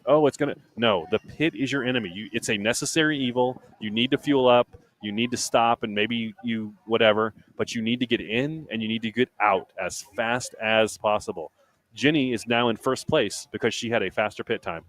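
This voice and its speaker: A man's voice: medium pitch, normal speed, dry recording. A man commentating live on an obstacle race, emphatic and chatty, repeating his points. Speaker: race commentator and podcast host.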